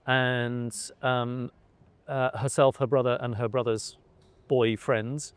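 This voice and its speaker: A man's voice: medium pitch, level tone, slow, smooth, no echo. A middle-aged man from England, talking in an interview with many fillers and restarts. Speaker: interviewee, son of a cricketer. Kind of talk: conversational interview.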